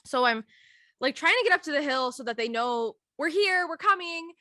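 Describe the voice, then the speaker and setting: Casting note: young woman, bright and animated, swoops all over her range telling a funny story, dry close sound. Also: high voice, moderate pace, no room sound. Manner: animated, acts out quoted voices, giggly. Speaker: podcast co-host. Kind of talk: casual storytelling chat.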